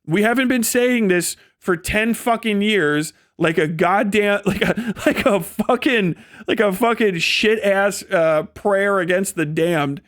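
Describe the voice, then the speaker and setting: A man's voice: high-pitched, unhurried, few pauses, fairly bright tone, dry recording, clean studio sound. Heated, profane male streamer ranting. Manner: mimics others in a sneering voice. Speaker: live streamer. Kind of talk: angry political rant on a livestream.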